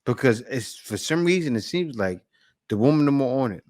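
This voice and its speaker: A man's voice: medium pitch, lively intonation, normal speed, darkish tone. A man hosting a reaction video, giving blunt, preachy commentary. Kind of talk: casual commentary.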